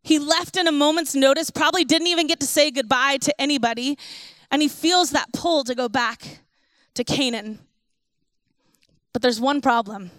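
A woman preaching a sermon, retelling a scripture story in a conversational way and slowing down for emphasis. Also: sits high, fairly bright tone, dry recording.

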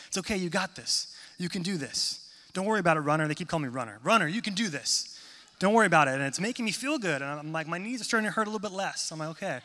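A man preaching a sermon in a church hall, conversational and self-deprecating, turning animated when he tells stories. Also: on the high side. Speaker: pastor. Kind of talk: sermon with humorous storytelling. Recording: long reverb of a large hall.

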